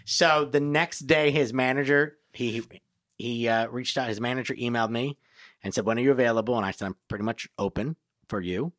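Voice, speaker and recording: Man, comedian guest, storytelling, average pitch, dry close mic. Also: fairly quick, dry recording. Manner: storytelling, animated, quotes people in put-on voices. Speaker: stand-up comedian and author, guest. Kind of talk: casual podcast conversation.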